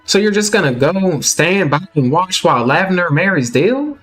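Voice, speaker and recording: A man's voice: high-pitched, sing-song, moderate pace, a bit bright, faint music behind, pitched above the performer's own voice, heavily acted. A man voicing a scheming, impatient young country man in a put-on Southern US drawl, pushy and wheedling.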